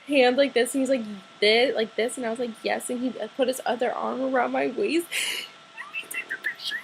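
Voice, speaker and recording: A teenage girl vlogging, a little high in pitch, gushing breathlessly about her story with endless "like" fillers. A faint hum sits under her voice. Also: poor audio. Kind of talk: excited storytelling to camera.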